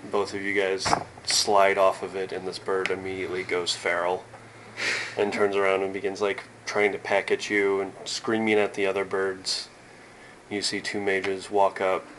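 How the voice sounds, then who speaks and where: A man narrates a tabletop game as game master, calm and descriptive. His voice is low and mostly flat in pitch. A steady hiss sits under the recording. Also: moderate pace, poor audio.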